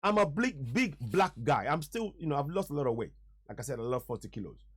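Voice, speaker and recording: A man's voice: on the high side, sing-song, fairly quick, husky. A man reacting to a played clip, talking emphatically and repeating short urgent remarks. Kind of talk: live reaction commentary.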